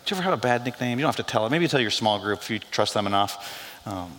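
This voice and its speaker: A man preaching a sermon as pastor, animated and joking, dropping his voice low for quoted lines. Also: fast talker. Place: church sanctuary. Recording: long hall reverb.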